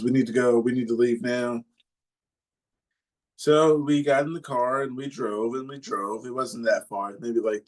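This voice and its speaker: Rambling man telling a story. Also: on the low side. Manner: rambling, many fillers, animated retelling. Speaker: podcast co-host. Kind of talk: casual storytelling.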